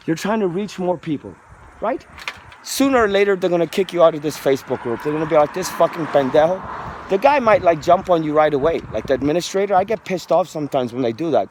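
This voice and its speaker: A man's voice: a little high, darkish tone, slight background noise. Profane man rambling on a street. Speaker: vlogger. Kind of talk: casual walking vlog rant. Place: outdoors on a residential street. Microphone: handheld phone.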